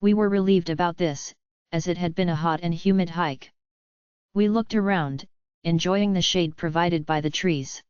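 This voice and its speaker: A woman giving scripted first-person audiobook narration in an even, steady reading. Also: on the low side, moderate pace, smooth, no echo. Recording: dull lo-fi dry audiobook recording.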